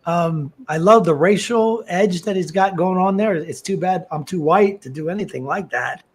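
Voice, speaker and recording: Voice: mid-range voice, moderate pace, husky. A judge on a comedy panel, chuckling and wry. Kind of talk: casual panel commentary.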